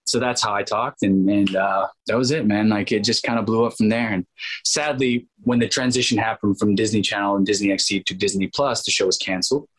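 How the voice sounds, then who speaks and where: Male actor guest, thirties, husky and low, animated storyteller. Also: fairly quick, poor audio. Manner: acts out quoted voices, many restarts and asides.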